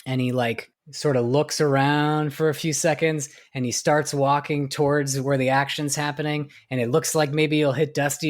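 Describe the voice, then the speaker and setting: With a fairly high, level voice, a man co-hosting a podcast talks at normal speed with hardly any pauses. His casual recounting rambles, with many fillers and restarts and lots of "like" and "you know."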